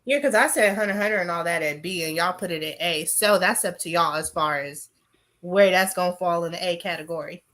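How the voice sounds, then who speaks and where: A woman's voice: fairly low pitch, a little fast, a bit bright. A woman co-hosting a casual chat, matter-of-fact and teasing. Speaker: co-host.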